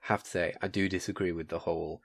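Low gravelly man. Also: level tone, quick pace. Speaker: podcast co-host. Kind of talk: casual film review chat.

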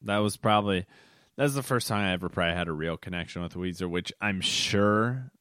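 Young male podcast host, deep and low, loose rambling delivery, late-night feel, dead-dry sound. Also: fairly quick, a bit bright, clear, resonant tone, no room sound. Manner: rambling, with many restarts and fillers; records late at night, yawning. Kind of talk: casual solo podcast monologue.

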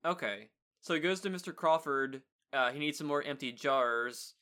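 A man's voice: medium pitch, normal speed, bright, forceful tone. A young man in a casual chat, recapping a kids' show plot with easy chuckles. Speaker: podcast co-host.

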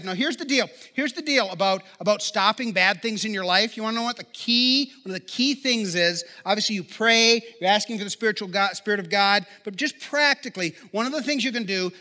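A man's voice: extremely high pitch, lively intonation, a little fast, bright, forceful tone. A man preaching a sermon in a conversational way, with self-deprecating jokes and restarts of his sentences. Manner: conversational, self-deprecating humor, repeats words when starting sentences. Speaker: pastor.

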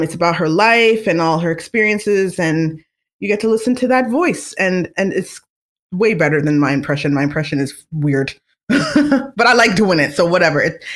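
Speaking at medium pitch, a podcast host chats animatedly and casually about celebrity gossip, laughing readily and using plenty of fillers and restarts.

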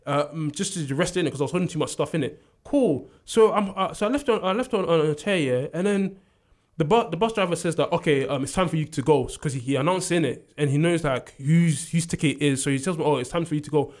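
A young man telling a story in casual chat, animated, acting out what people said and laughing often. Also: fairly high pitch, fast talker. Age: young adult. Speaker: university student.

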